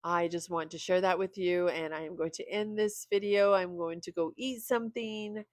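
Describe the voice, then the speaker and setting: A woman's voice: fairly low pitch, fairly even intonation, moderate pace, no room sound. A tired middle-aged woman chatting candidly and a little ramblingly to camera as a video creator. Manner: candid and rambling, with small laughs. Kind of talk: casual vlog talk to camera.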